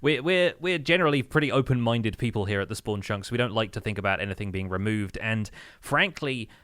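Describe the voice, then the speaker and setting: A man co-hosting a casual podcast, opinionated and animated, laughing often as he talks. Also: on the low side, a little fast, no echo, studio quality. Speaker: podcast co-host.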